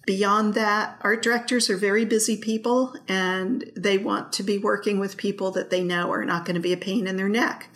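A woman's voice: medium pitch, steady tone, moderate pace, hardly any pauses, fairly bright tone. A woman illustrator being interviewed, speaking earnestly and firmly.

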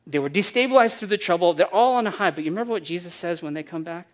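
A male preacher delivering a sermon, with a voice pitched a little higher than most men's. He is animated, acts out the voices of the people he quotes, and moves between loud, punchy emphasis and quiet, hushed lines. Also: rapid-fire. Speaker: pastor.

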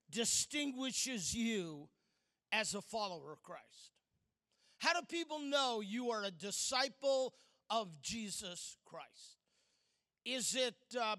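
Man, preacher, high-pitched, bright tone, playful, sermon. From outside Chicago. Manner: playful, leads audience in call-and-response. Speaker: guest preacher. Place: church service.

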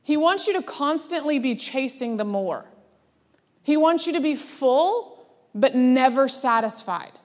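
A woman preaching a sermon in a lively, laughing way, acting out the voices she quotes. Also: sits high, a little slow. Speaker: speaker. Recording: long hall reverb.

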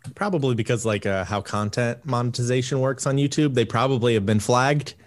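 A man as a guest on a casual podcast, animated and slipping into mimicked voices. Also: mid-range voice, fairly quick.

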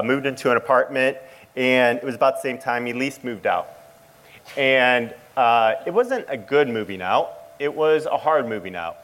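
A middle-aged man sharing an emotional personal testimony as a father, speaking haltingly with frequent restarts. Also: mid-range voice, fairly bright tone, low-quality recording. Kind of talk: personal testimony to a church audience.

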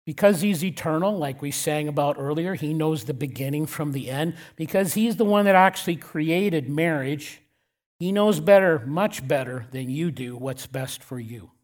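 A male pastor preaching a sermon in a church, blunt and direct, repeating key lines and slowing down to drop his voice on the important words. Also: a little high.

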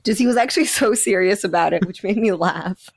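A woman's voice: mid-range voice, a little fast. A woman on a comedy podcast making prank phone calls, rambling and giggly with lots of "like.". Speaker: podcast guest and prank caller. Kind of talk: prank phone call banter.

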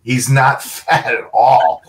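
A middle-aged man, a former pro football player, telling animated stories as a guest and acting out other people's lines. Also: mid-range voice, takes it slowly. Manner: animated anecdotes, acts out quotes. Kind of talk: storytelling interview. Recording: voice a bit far from the mic.

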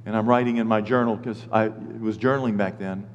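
Animated pastor preaching in a reverberant hall. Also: male voice, fairly low pitch, brisk, dull audio, slight background noise. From Oklahoma. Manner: animated storytelling, acts out his own whining prayers. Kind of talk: sermon.

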